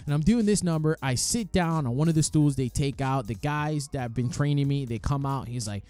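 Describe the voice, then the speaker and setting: A man casually telling the story of his amateur boxing match, lively and animated, acting out the quoted voices and swearing freely. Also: mid-range voice, brisk, hardly any pauses, soft background music.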